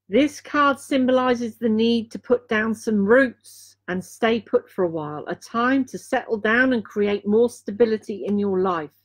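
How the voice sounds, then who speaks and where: A woman from Dorset, England, giving a live intuitive card reading as a healer, speaking earnestly and repeating key phrases between filler pauses. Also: mid-range voice.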